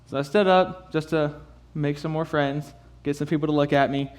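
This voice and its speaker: A young man with a tells his own story to a youth crowd, his voice sitting a little high. He talks haltingly, stacking fillers and nervous laughs, and sounds close to tears. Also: fairly even intonation. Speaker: youth speaker giving a testimony. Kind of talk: personal testimony to a youth group.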